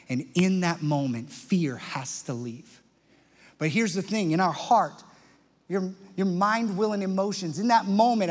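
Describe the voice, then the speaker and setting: A man preaching a sermon with passion, swinging from loud emphasis to hushed tones. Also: sits high. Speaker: pastor. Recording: long church-hall reverb with faint music.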